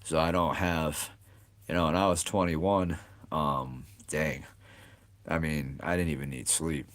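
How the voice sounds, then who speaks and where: Deep-voiced man in his late forties chatting. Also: steady tone, unhurried, fairly bright tone. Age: 40s. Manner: rambling, thinks aloud with many "you know" and "like". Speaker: livestream host. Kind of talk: casual live chat with viewers.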